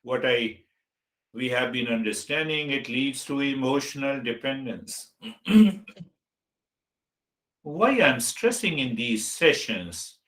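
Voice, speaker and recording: A man giving a meditation teaching talk as a spiritual teacher, speaking deliberately and listing words one at a time. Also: mid-range voice, lively intonation, bright, forceful tone. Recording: roomy echo.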